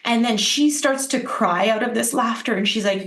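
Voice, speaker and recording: A woman with a slightly high voice speaks at a normal pace in a reverberant space. She's a guest on a podcast, an intuitive healer who tells stories in relaxed conversation, animatedly acting out what people said.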